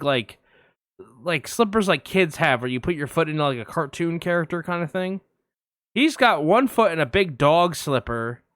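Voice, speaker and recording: Bright, clear-voiced man telling stories. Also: a little high, dry recording, studio quality. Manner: rambling anecdote, many fillers. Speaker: podcast co-host. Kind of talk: casual film podcast chat.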